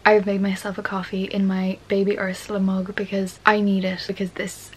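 A young woman talks straight to camera in a casual vlog from home. She gushes, swears freely and lets her emotions run high. Her voice sits at a middle pitch. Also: monotone, normal speed, hardly any pauses, a little mellow, a little hiss or hum. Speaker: book vlogger.

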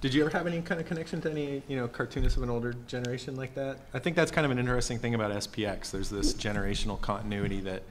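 A man's voice: mid-range voice, very fast, hardly any pauses, a little hiss or hum. A man moderating a convention panel, asking conversational, thoughtful questions. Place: convention stage before an audience.

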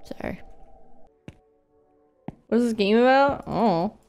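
A woman streaming a game, talking to herself in a playful, sing-song way and getting loud and excited. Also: a little high, takes it slowly, vocal fry, soft background music. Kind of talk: casual gaming stream commentary.

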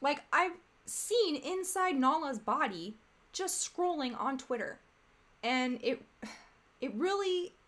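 A woman's voice: high-pitched, expressive, takes it slowly, fairly bright tone. A woman hosting a casual commentary stream, talking in a rambling, exasperated, chatty way. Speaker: streamer host.

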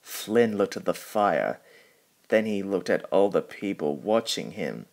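A man reading a children's storybook aloud, slowly and carefully. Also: deep voice, sing-song, vocal fry, a little mellow. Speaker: storybook reader. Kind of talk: storybook narration.

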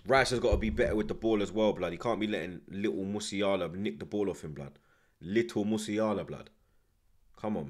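A man giving live reaction commentary as a football watchalong host, swearing heavily and barking short, repeated commands. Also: lowish voice. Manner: swears heavily and shouts in frustration.

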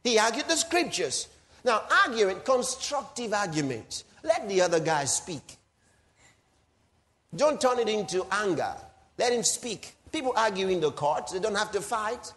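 Male preacher, raised pitch, teasing and laughing through a lively sermon. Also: unhurried. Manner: animated, teasing, laughs often; swings between soft asides and loud exclamations. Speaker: pastor.

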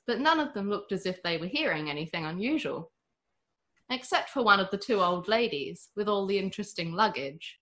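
A woman narrating a storybook tale aloud with a lively, expressive reading. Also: fairly low pitch.

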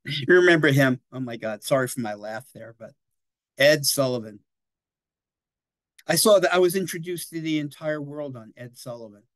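A man's voice: a little high, animated, normal speed, pauses often, a bit bright, no room sound. Chatty older man lecturing. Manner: chatty and digressive, often tags "right?" and "you know". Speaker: library lecturer on history. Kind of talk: casual history lecture.

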